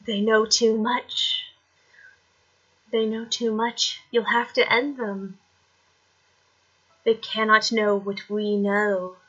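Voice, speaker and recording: A woman voicing a mysterious disembodied voice that speaks slowly and ominously. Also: medium pitch, flat delivery, fairly bright tone, dull audio. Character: mysterious disembodied voice in darkness, menacing.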